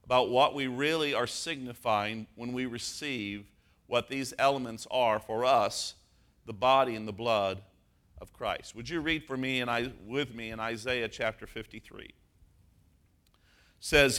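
A man preaching a sermon as pastor, moving from a personal story to emphatic, slowed stress on key words. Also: medium pitch, a bit bright.

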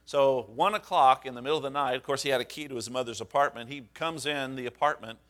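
A pastor delivers a sermon in a relaxed, storytelling way, pausing on fillers and restarting phrases. His voice is bright and forceful, pitched in the ordinary middle range for a man.

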